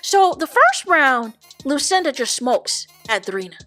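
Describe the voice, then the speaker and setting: A woman with a high, bright, forceful voice recaps reality TV in a casual, animated commentary. She talks straight to her viewers, stacking repeated words for emphasis. Faint music sits low behind her. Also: measured pace. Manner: animated, addresses viewers as "y'all". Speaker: reality TV reaction host.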